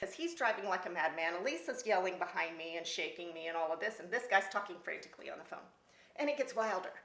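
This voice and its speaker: A middle-aged woman telling her own story in casual talk, lively and laughing between lines. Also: on the low side, quick pace, vocal fry. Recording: roomy echo.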